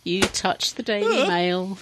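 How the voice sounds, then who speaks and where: Guy doing a squeaky penguin, shrill and huffy, swooping pitch all over the place. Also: sing-song, slow pace, noisy background, heavily acted. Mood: indignant. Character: squealing indignant penguin, small, easily upset.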